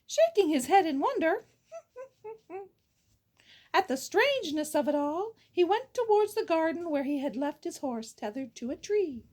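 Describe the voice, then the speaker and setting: High-voiced playful woman storyteller. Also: sing-song, unhurried, a little mellow. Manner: playful, goofy asides, sound effects. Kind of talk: storytelling read-aloud.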